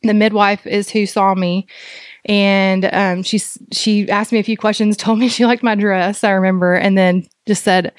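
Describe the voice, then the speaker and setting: A woman guest on a podcast interview, speaking earnestly and haltingly with many fillers as she describes her experience as a doula and mother. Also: mid-range voice, level tone, dry recording, clean studio sound. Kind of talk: conversational interview.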